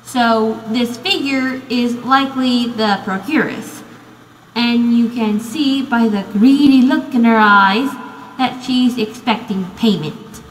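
In an echoey room with long reverb and a touch of hiss or hum, a young American student talks slowly through a casual video essay. Her voice is on the high side, and she rambles, peppering her speech with "you know" and "um."

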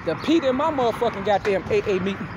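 A woman's voice: mid-range voice, animated, fast. A woman, ranting angrily and profanely as a vlogger on a city street. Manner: loud, profane, confrontational, repetitive. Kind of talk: angry street rant. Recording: street recording with car noise.

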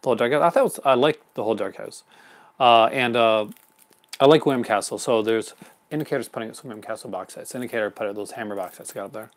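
A man's voice: mid-range voice, fast. A man hosting a live unboxing stream in casual chat, rambling and chuckling often. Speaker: host.

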